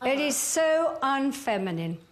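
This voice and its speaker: Bossy female etiquette tutor, bright high pitch, lively, music bed. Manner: brisk and commanding. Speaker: etiquette teacher.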